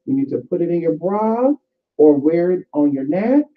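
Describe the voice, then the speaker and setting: In a casual vlog about spiritual practice, a woman with a fairly low, expressive voice talks at a moderate pace. She's chatty and profane, calls her viewers "y'all," and mixes spiritual advice with storytelling. The recording sounds tinny, like a phone.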